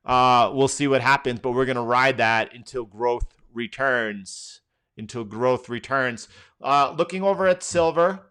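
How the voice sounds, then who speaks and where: A man with a New York accent hosts a live market stream and talks through charts on the fly. His voice is bright and clear, and he tumbles from one thought to the next, repeating words and restarting sentences. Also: mid-range voice. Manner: fast, repetitive, with many restarts. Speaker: trading livestream host.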